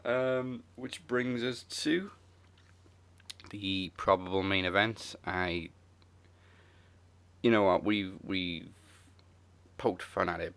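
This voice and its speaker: Easygoing male host, deep and bright, keeps things moving. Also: gravelly. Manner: laid-back, moves the show along. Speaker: podcast host. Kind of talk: casual wrestling chat.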